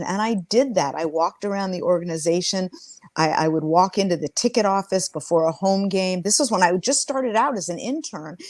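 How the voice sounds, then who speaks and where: A woman's voice: mid-range voice, darkish tone, no echo. Woman in her 60s telling stories in an interview, earnest, restarts a lot, dry close sound. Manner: earnest and reflective, with frequent restarts. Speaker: interview guest, former sports team executive. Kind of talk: conversational interview storytelling.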